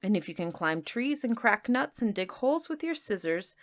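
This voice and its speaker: A woman voicing a stern, solemn old male magician who speaks in low, slow, grave pronouncements. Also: very animated, dry recording, clean studio sound, natural voice.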